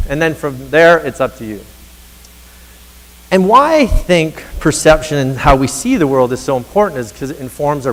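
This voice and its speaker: A man in his thirties gives an earnest motivational talk to teachers from a conference stage, speaking straight to the crowd to drive his points home. His voice sits a little high for a man and is a bit bright, ringing out with a long hall reverb.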